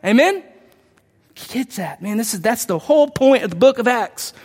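A man preaching a sermon, reading scripture aloud and breaking off into animated, excited commentary. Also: very high voice, brisk. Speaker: pastor. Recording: long hall reverb.

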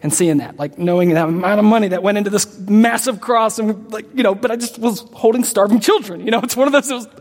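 Young guy preaching, high voice, big echoey church hall, gets fired up and loud. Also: fast, few pauses. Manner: impassioned storytelling, rising to near shouts. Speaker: pastor. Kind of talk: sermon. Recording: reverberant hall.

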